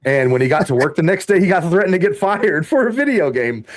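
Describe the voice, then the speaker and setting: A man's voice: sits high, fast, background noise. Laughing storyteller man from Texas. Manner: animated, laughing storyteller who swears freely. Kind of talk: casual storytelling chat.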